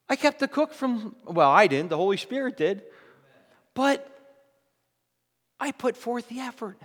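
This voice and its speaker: Middle-aged male preacher with a slightly high voice, chatty storyteller who builds to loud emphatic points, long hall reverb. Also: expressive, moderate pace. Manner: conversational storytelling, rising to loud emphatic peaks. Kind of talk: sermon.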